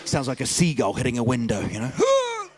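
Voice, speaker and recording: A man doing a stand-up comedy set, telling stories in a loud, animated way with shouted bits. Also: medium pitch, quick pace.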